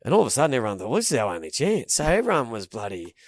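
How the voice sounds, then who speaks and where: An Australian man spins a yarn on a podcast, his pitch swinging freely as he talks. He swears casually and keeps the story rolling. The sound is dry and close, with no room around it. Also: wildly swooping pitch, rapid-fire, no room sound. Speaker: podcast co-host. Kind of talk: casual banter.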